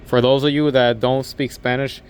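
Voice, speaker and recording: A man's voice: mid-range voice, level tone, normal speed, smooth. A young man casually telling a story to camera, rambling, restarting sentences and quoting what others said. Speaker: vlogger and overnight convenience store clerk.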